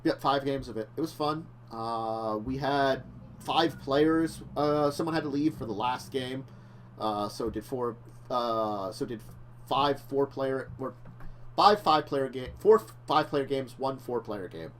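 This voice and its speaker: A man's voice: mid-range voice, unhurried, slight background noise. A man co-hosting a casual talk show, rambling and correcting himself, laughing often. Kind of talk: casual chat.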